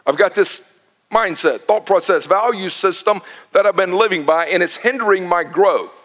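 A middle-aged man preaching a sermon as pastor, telling stories with lively quoted dialogue. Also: sits high, moderate pace. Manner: animated storytelling with quoted dialogue.

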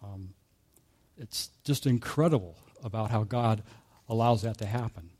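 Man, pastor, warm tone, conversational sermon, chuckles and fillers. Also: lowish voice, unhurried, breathy edge. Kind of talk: sermon storytelling.

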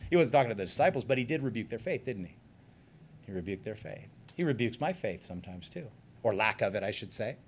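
A man of middle pitch preaching a sermon, talking to the congregation as if in conversation. He drops into quiet, soft remarks and then rises to loud, emphatic bursts. He mixes in light joking asides. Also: slight background noise. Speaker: pastor.

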